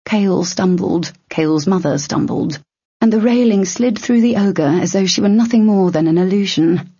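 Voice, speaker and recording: A woman narrating an adventure story in steady storytelling. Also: lowish voice, creaky, husky, dry recording. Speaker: audiobook narrator. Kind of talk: scripted narration. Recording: dull lo-fi audio.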